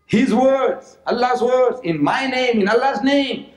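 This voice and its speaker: A high-voiced man from South Africa delivers a religious lecture with lots of energy. He keeps repeating phrases for effect and throws in mocking asides, and the talk echoes around a large lecture hall. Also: moderate pace, hardly any pauses, darkish tone. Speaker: public lecturer. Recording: roomy lecture hall recording.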